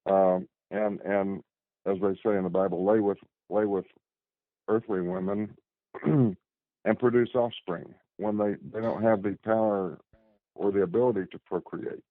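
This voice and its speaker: A man with a very low voice speaks as a guest over a tinny phone line. His delivery is halting, often repeating words while he gathers his thoughts, and the sound is dry and close. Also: steady tone, no echo. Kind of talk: casual conversation.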